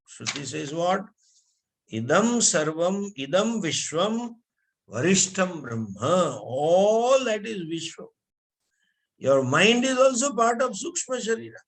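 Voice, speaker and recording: A man's voice: high-pitched, big pitch swings, slow pace. A man teaching a scripture class, asking rhetorical questions and reciting Sanskrit verses. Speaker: spiritual teacher.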